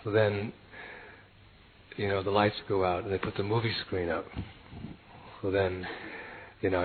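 An older man telling a personal story, animated and often laughing as he acts out voices and chanting. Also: low voice, a little slow, long pauses, slight background noise. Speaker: devotee recounting a personal story. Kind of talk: anecdotal storytelling talk. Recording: tinny phone-like lo-fi audio.

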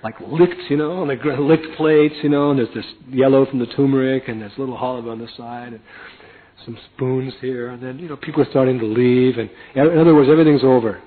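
A man with a husky voice telling a personal story in a lively way, acting out the other people in it. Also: mid-range voice. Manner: acts out other people's lines in quick voices. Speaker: storyteller recounting a devotee memory. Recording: tinny phone-like lo-fi recording.

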